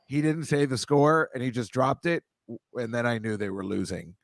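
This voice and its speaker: A man's voice: mid-range voice, fairly even intonation, normal speed, vocal fry, no room sound. A man hosting a live stream, chatting casually with viewers and rambling through a story, cutting himself off and adding joking asides. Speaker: host reading viewer comments.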